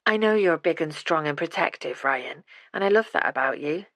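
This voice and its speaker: A woman voicing a flirtatious single mother with a breathy, coaxing manner, as a storybook character. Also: sits low, expressive, moderate pace, a bit bright, dry recording. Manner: coaxing, playful.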